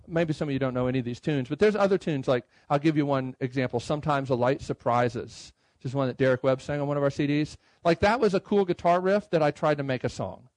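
Man, fairly high voice, dry close sound, conversational conference talk, slow read-aloud lines. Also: no room sound, poor audio. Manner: conversational, reads lines out slowly. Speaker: hymn writer speaking at a conference. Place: conference room.

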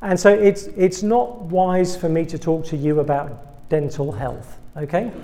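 A man's voice: fairly high pitch, a little slow, background noise. A man from England with an English accent, a guest preacher giving a humorous sermon to students, full of self-deprecating, wry asides.

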